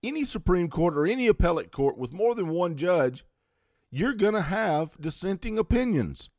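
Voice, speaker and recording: A man's voice: high voice, sing-song, moderate pace, darkish tone, dry recording, studio quality. Blunt, profane man in his fifties ranting. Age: 50s. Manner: sarcastic asides. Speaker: host. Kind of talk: political rant to camera.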